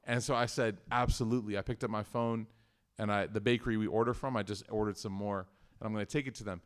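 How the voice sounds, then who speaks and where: A man's voice: lowish voice, fairly even intonation, quick pace, clear, resonant tone. Joking, conversational man giving a religious talk. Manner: conversational and joking, with frequent restarts. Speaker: speaker at a community study circle. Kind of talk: casual religious talk with personal stories.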